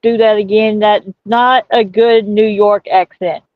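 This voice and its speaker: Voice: mid-range voice, little pitch movement, measured pace, phone-quality sound. A speaker in a casual live chat, teasing and cutting in on the others.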